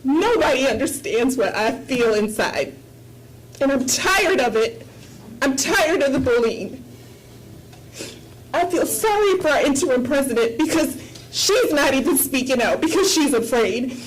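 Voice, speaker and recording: A woman's voice: high-pitched, animated, normal speed, low-quality recording. A woman speaking as a university board trustee, making an impassioned, emphatic statement at a board meeting and repeating her points for effect. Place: meeting room.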